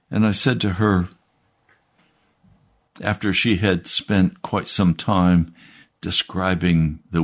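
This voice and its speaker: A man, a pastor delivering an earnest, emphatic radio sermon. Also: sits low.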